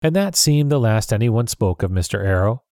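A man narrating a storybook in an even, clear storytelling voice. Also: fairly low pitch, normal speed, no room sound, clean studio sound. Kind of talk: storybook reading.

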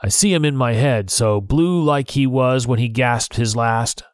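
A man voicing a fearful, superstitious male pirate with a gruff, uneasy delivery in a storybook reading. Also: mid-range voice, unhurried, dry recording, studio quality, close to an everyday voice. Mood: jumpy.

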